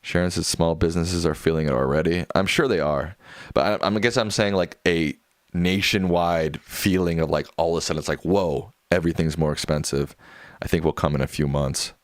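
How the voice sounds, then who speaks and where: A man's voice: sits low, steady tone, fairly quick, no room sound, studio quality. A young man hosting a casual livestream, reading viewer comments and chatting in a loose, rambling way with many fillers. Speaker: livestream host.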